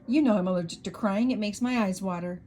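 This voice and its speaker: A woman voicing a tough-talking, bossy older woman who speaks brusquely and loudly. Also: mid-range voice, fast, a little hiss or hum, lightly acted. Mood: gruff. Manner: brusque, loud. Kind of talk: storybook character reading.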